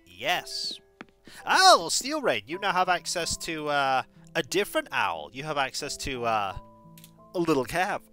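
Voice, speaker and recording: Woman game streamer, playful and rambling, bright, animated voice. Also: sits low, a little slow, faint music behind. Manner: playful, rambling, jokey asides. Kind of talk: casual game-stream chat.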